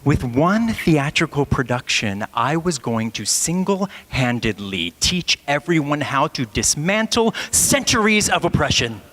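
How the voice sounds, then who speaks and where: Slow, wry male preacher in a church. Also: fairly high pitch, big pitch swings, fairly bright tone. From Ohio. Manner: wry, self-mocking storyteller. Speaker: pastor. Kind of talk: sermon with personal storytelling. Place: large church sanctuary. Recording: long hall reverb in a church.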